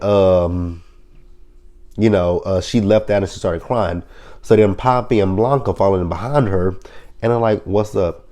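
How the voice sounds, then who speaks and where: A man giving a casual, animated and profane recap of a TV episode, reacting emotionally as he retells it. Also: fairly low pitch. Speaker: TV recap reviewer.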